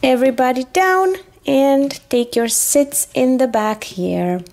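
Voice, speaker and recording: A woman's voice: sits high, takes it slowly, gravelly, a little mellow, a little hiss or hum. A woman narrating a children's toy play as a doll train conductor, cheerful and sing-song. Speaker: toy video host voicing a conductor doll.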